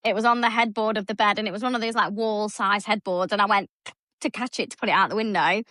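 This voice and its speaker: A woman in her thirties with a Stoke-on-Trent accent, co-hosting a casual podcast and telling stories in a chatty, animated way. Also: medium pitch, fast, dry recording. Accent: Stoke-on-Trent English. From England. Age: 30s. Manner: chatty, animated storytelling with gasps. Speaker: podcast host. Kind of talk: casual chat.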